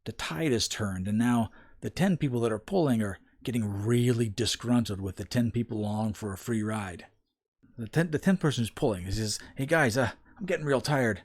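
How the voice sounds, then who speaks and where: A man's voice: medium pitch, darkish tone. A man giving opinion commentary, telling a parable in a folksy, emphatic storytelling manner.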